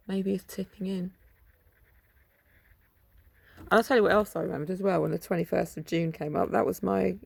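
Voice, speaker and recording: A tired woman in her fifties drifts from thought to thought as she potters around her garden, recorded on a phone. Her voice is low, mellow and heavily gravelly, with a husky edge, and she often slips into a whisper. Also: no echo. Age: 50s. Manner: musing aloud to herself, drifting between topics, sometimes whispering. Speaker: vlogger. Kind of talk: rambling solo chat. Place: home garden outdoors.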